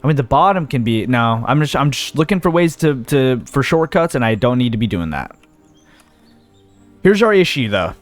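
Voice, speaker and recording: A man's voice: mid-range voice, very animated, normal speed, faint music behind. A young man giving casual let's-play commentary, thinking aloud and talking himself in and out of ideas as he goes. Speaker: gaming video host.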